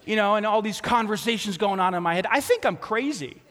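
A man preaching a sermon as pastor, telling a story with lively acted-out quotes. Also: high voice, a little fast, in a large hall.

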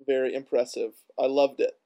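A man with an Upper Midwest accent co-hosting a casual podcast, relaxed and quick to chuckle. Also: medium pitch. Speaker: podcast co-host.

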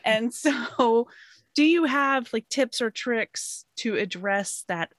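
A woman's voice: on the high side, animated, slow, fairly bright tone, no room sound, clean studio sound. A woman hosting a podcast conversation, speaking openly and reflectively as she asks her guest questions.

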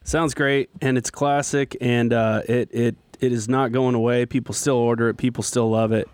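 A man's voice: medium pitch, level tone, moderate pace, a little mellow, clean tone, no echo. A man hosting a casual talk show, enthusiastic and jokey as he leads the segments. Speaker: host. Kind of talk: casual chat.

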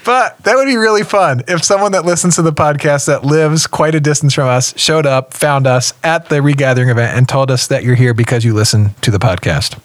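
A man's voice: fairly high pitch, fairly quick, hardly any pauses, dry recording, studio quality. A man co-hosting a podcast in casual chat, joking and often restarting his words. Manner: joking, self-correcting, stumbles on words. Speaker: podcast co-host.

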